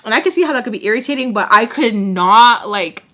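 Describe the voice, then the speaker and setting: A woman's voice: on the high side, lively intonation, a little fast, pushed and bright. Young woman spilling a storytime, sassy and chatty, acts out the quotes. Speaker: storytime vlogger. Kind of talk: casual storytime.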